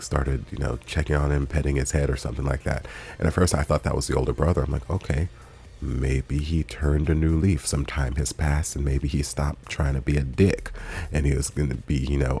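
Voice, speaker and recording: A man's voice: very deep voice, a little mellow. A man hosting a reaction video, recapping an episode in casual, chatty commentary with playful quoted asides.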